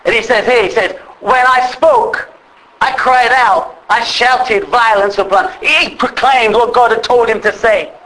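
A man preaching a sermon with passion, addressing the congregation as brethren and rising to shouts. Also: very high-pitched, a little slow, rough recording. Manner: impassioned, rises to shouts.

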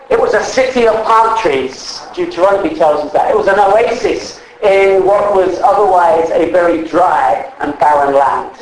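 A man's voice: high voice, echoey room, a little hiss or hum, low-quality recording. A man preaching a sermon in a church, exhorting his congregation with repeated rhetorical emphasis.

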